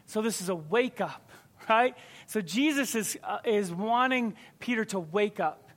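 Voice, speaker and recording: A man's voice: high-pitched, animated, a little slow, a bit bright. A man preaching a sermon to his congregation in a conversational, emphatic way.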